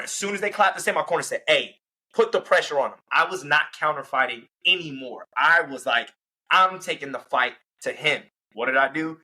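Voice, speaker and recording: Bright-voiced young fighter telling fight stories. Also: male voice, fairly high pitch, rough recording. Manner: animated, acts out fight moments and quotes. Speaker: professional MMA fighter, guest. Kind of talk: casual interview storytelling.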